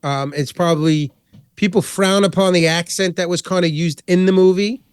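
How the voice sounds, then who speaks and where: A man's voice: high-pitched, moderate pace, clear, resonant tone, no echo, clean studio sound. A man co-hosting a podcast, chatting casually about movies and retelling scenes with lots of swearing and energy. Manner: profane, animated retelling of scenes. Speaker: podcast co-host.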